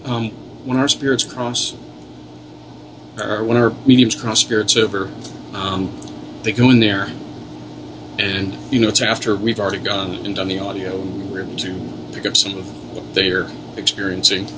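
A man's voice: lowish voice, level tone, normal speed, background noise. A man, a paranormal investigator, telling earnest, rambling stories in a casual interview. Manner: earnest, rambling storyteller with many restarts.

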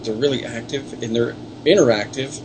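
A man's voice: medium pitch, fairly even intonation, moderate pace, background noise. A man, a paranormal investigator, telling earnest, rambling stories in a casual interview. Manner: earnest, rambling storyteller with many restarts.

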